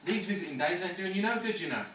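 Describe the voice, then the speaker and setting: A man's voice: high-pitched, expressive, quick pace, fairly bright tone. An actor playing a cynical, swaggering ladies' man in a hospital ward, lecturing in slang. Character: cocky London ladies' man, cynical patient. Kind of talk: amateur stage-style film acting. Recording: echoey room, distant mic, faint noise.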